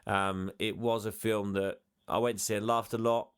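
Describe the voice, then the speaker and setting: A man's voice: lowish voice, flat delivery, normal speed, clean tone. A man co-hosting a podcast, talking casually and often trailing off or restarting. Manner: meandering, trailing off, stammering restarts. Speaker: podcast co-host. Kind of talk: casual chat.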